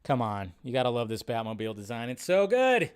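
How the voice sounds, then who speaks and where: A man hosting a live stream, reacting to a movie trailer in an excitable, rambling way and swearing freely. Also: mid-range voice, brisk, background noise. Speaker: host. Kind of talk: casual live-stream commentary.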